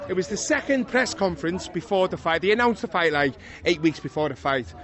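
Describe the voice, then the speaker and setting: Retired boxer, Liverpool man, middle-aged, rapid lively anecdote delivery, slightly higher voice. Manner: lively storyteller, chuckling, swears oaths. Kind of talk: casual interview anecdote. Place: outdoors at an evening boxing event.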